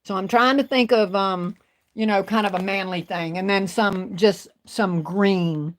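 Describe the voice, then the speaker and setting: Woman, chatty, drawn-out, casual livestream talk, mid pitch. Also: fairly even intonation. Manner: chatty, drawn-out, talks to viewers. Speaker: craft vlogger.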